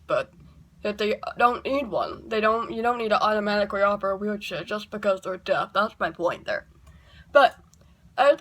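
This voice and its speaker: A woman talks straight into her camera in a loose, casual vlog, her voice sitting a little on the high side. She is chatty and wry and keeps drifting into side remarks before finding her way back. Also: fairly bright tone. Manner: chatty and wry, rambling with asides. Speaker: YouTuber.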